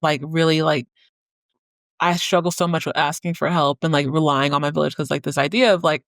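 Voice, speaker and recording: A woman hosting a podcast tells a personal story in a loose, chatty manner, linking her thoughts with frequent "like" and easy laughter. Her voice is deep and steady, her pace brisk, and the recording dry and close with no room sound.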